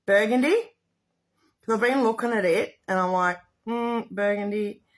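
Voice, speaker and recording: A woman's voice: medium pitch, moderate pace. A middle-aged woman, chatting in a rambling, effusive way while hosting a casual makeup livestream to the camera.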